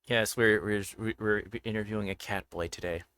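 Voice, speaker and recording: A man hosting an interview show in casual chat, relaxed and playful. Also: on the low side, normal speed, smooth, no echo. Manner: relaxed, playful, puts on voices for jokes.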